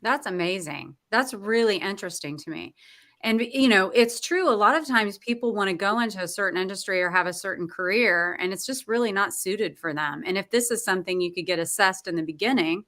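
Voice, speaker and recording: A woman hosting a casual interview show, bubbly and quick to laugh. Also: medium pitch, a bit bright. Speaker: show host.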